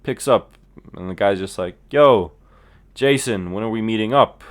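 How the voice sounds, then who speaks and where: A man's voice: on the low side, normal speed. A young man hosting a casual podcast, telling a story with lots of laughs and acted-out voices. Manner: animated storyteller, laughs often, acts out voices in quotes. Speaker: podcast host.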